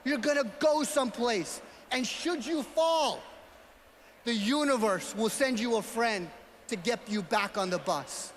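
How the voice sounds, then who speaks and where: A man from New York with a New York accent, giving a motivational speech as a gala speaker and telling a story while often shouting out to the crowd. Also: extremely high pitch, a little slow, a little hiss or hum. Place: large banquet hall. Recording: hall reverb, faint ambience.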